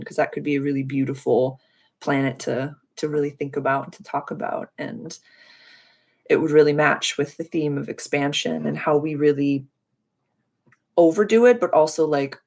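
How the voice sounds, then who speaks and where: A woman's voice: moderate pace, vocal fry. A young woman hosting a casual astrology chat, effusive and gushing as she reads viewers' charts. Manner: effusive, gushing with frequent high excited exclamations. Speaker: astrology livestream host.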